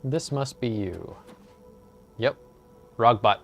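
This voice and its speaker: A man giving relaxed, joking commentary while playing a video game, with frequent "uh"s. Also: fairly low pitch, unhurried. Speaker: let's play host. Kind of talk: casual gameplay commentary. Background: game music.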